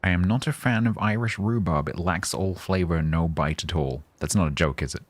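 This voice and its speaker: A man's voice: sits low, fairly quick, dry recording. A man streaming a game live, chatting casually in a rambling, self-mocking, joking way.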